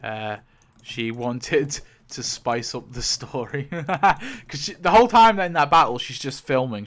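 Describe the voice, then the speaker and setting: A man giving casual, animated commentary as he rewrites a story, thinking aloud, swearing and exclaiming in mock outrage. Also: medium pitch, measured pace. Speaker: YouTube creator.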